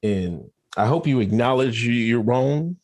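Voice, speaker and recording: A man's voice: mid-range voice, animated, a little slow, darkish tone. A man co-hosting a podcast, teasing in comedic casual chat and laughing often. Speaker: podcast co-host.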